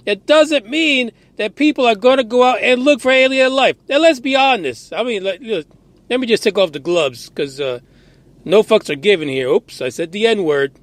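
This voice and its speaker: Man, podcast host, high voice, sarcastic, profane, exasperated, dry close sound. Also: moderate pace, no echo. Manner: animated, incredulous questioning. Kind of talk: ranting news commentary.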